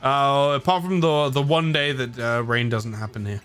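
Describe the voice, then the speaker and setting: A man's voice: medium pitch, steady tone, normal speed, fairly bright tone, smooth, faint music behind. Tired, rambling man with an English accent. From United Kingdom. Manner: rambling, chuckles often, self-mocking. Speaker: live streamer. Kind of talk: casual live-stream chat.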